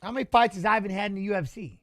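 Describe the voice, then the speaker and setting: A middle-aged man hosting a fight watch-along, chatting casually and telling animated, swear-laced stories. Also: high-pitched, very fast, no room sound, studio quality. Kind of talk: casual chat reading live chat.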